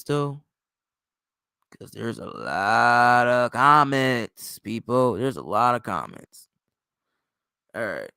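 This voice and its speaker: A man's voice: on the high side, sharp tone, clear, resonant tone, no echo, studio quality. A sleepy man hosting a late-night livestream, rambling and ranting with plenty of swearing. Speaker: livestream host.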